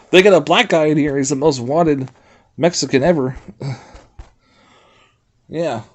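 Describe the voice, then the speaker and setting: A man streaming, rambling casually to chat. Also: a little high. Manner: rambling, reads website aloud, talks to chat; swears freely, animated outbursts.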